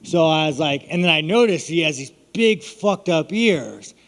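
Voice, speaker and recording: A man's voice: fairly high pitch, animated, moderate pace, in a large hall. An American man answering press questions in a casual, rambling, joking way, swearing constantly. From United States. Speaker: fighter at a media scrum. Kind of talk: casual media Q&A.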